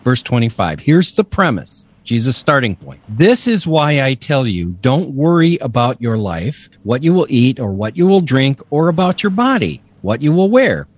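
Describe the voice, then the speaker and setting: A man's voice: mid-range voice, very animated, normal speed, few pauses, dry recording. A man co-hosting a faith podcast, teaching scripture with emphatic enthusiasm and frequent laughs. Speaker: podcast co-host, Bible teacher. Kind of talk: casual teaching chat.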